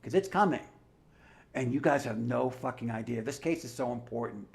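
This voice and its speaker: In a gravelly, medium-pitched voice at normal speed, a livestream commentator delivers a heated, combative monologue. He rants profanely, peppering it with swearing and sarcastic asides.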